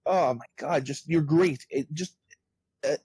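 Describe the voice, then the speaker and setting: Male podcast guest, animated storyteller, dry close sound, mid pitch. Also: measured pace, husky, no room sound. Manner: animated storyteller, acts out quoted exchanges. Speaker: interview guest, author. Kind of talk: casual podcast conversation.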